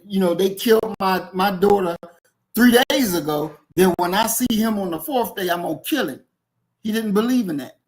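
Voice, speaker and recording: A man hosting a casual podcast discussion about a book, speaking bluntly and forcefully and repeating points for emphasis. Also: sits high, rough recording.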